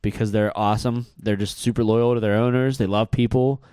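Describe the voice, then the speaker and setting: A man co-hosting a podcast in casual chat, blunt and quick to swear. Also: fairly low pitch, fairly even intonation, warm tone, clear, resonant tone, dry recording, clean studio sound. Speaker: podcast co-host.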